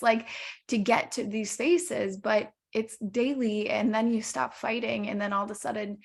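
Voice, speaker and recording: Animated, candid young woman podcast host. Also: fairly high pitch, vocal fry. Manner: candid, animated, swears casually. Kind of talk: casual podcast conversation.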